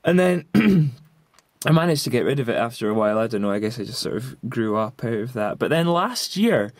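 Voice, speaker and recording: A man's voice: mid-range voice, big pitch swings, fairly quick, no room sound. A man in his twenties casually recounting a story in a rambling way, full of fillers and restarts. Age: 20s. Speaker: vlogger.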